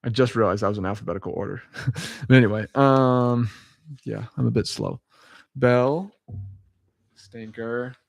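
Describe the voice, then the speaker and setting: A young man reading dictionary abbreviations aloud at home in a halting, chuckling way, often correcting himself. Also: on the low side, creaky, dry recording. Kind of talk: casual solo reading and chat.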